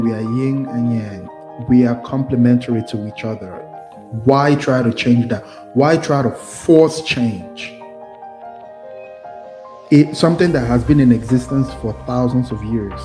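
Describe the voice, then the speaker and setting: Male commentary host, rambling and hedging, mid-range voice, music playing underneath. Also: mid-range voice. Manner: rambling, hedging, restarts sentences. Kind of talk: reaction commentary.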